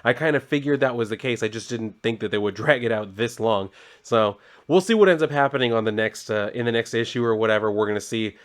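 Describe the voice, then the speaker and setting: A man's voice: mid-range voice, quick pace. Rambling man recapping a comic. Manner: loose and rambling, heavy filler "like", casual swearing. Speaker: comic book reviewer.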